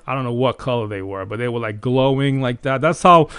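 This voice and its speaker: A man's voice: mid-range voice, brisk, clear, resonant tone, no echo. A man hosting a faith show, telling a dream story in an earnest, casual way. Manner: earnest storytelling, animated retelling. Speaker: host. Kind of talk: casual testimony.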